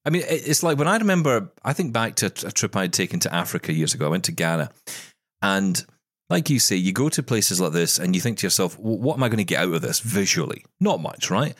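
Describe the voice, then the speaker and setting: A man's voice: fairly low pitch, very animated, fast talker, no room sound, studio quality. A man co-hosting a podcast, chatting casually and telling stories with jokey asides. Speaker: podcast co-host. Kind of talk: casual chat.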